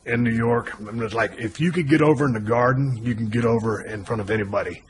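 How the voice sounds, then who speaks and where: A man's voice: medium pitch, fast talker. A man hosting an interview, a former wrestler telling stories in an easygoing, chatty way. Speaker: podcast host and former wrestler. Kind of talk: casual interview chat.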